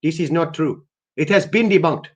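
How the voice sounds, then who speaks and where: A man putting on a higher voice as an eager, overly formal prank caller who keeps saying "my friend". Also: normal speed, close to an everyday voice. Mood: earnest.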